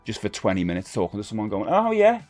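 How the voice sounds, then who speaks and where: A middle-aged man with a fairly low voice chats with his viewers from a home streaming room on a desk mic. He rambles easily and pokes fun at himself, and faint music plays behind him. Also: fairly even intonation, rapid-fire, darkish tone. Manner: chatty, rambling, self-deprecating with frequent fillers. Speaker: livestream host. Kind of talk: casual chat with viewers.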